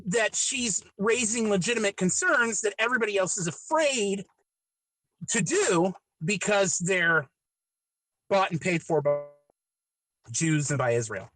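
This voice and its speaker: A man hosting a casual podcast who asks questions in a halting way, repeating words and hedging as he goes. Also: high voice, expressive, a bit bright, poor audio. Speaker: podcast host. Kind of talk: casual chat, asking questions.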